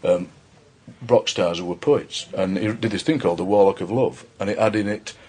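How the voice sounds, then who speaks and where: A man's voice: sits low, moderate pace, dark tone, slightly rough. A man who is a poet, chatting casually as a podcast guest, rambling and joking with lots of restarts.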